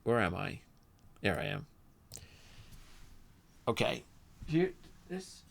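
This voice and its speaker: A man's voice: on the low side, very animated, slow, creaky, a little hiss or hum. A middle-aged man hosting a motorsports channel, talking in a casual, rambling way with lots of restarts and asides, sometimes heated. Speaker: motorsports channel host, former radio man. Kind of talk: casual rambling commentary to camera.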